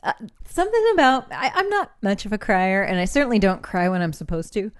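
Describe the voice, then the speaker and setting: Brief: animated female co-host, playful and chatty, dry close mic. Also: medium pitch, smooth, dry recording. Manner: playful, quick to laugh. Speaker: podcast co-host. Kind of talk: casual fan discussion.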